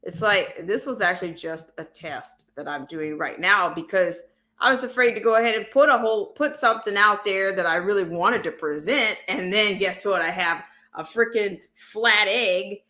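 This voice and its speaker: A woman hosting a casual livestream, talking in a loose, rambling way full of restarts and fillers. Her voice is bright and forward. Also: mid-range voice, moderate pace. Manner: rambling, many restarts and "you know". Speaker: livestream host.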